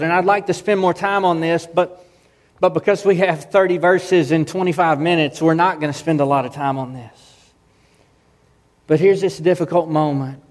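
A man's voice: a little high, a little mellow. Earnest male pastor preaching. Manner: earnest, emphatic, with repeated restarts. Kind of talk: sermon.

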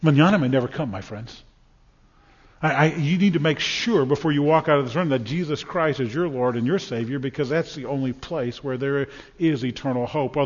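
A man preaching a sermon as a pastor, folksy and storytelling, often repeating words as he builds his points. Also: on the high side. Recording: dull sound with long reverb in a hall.

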